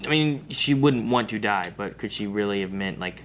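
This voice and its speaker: A man's voice: fairly low pitch, moderate pace, few pauses, slight background noise. A man co-hosting a reaction video, talking casually and rambling as he thinks aloud.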